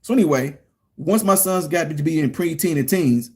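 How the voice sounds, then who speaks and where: A middle-aged man giving political commentary to a live chat, animated and preachy, talking straight to his viewers. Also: fairly high pitch, normal speed.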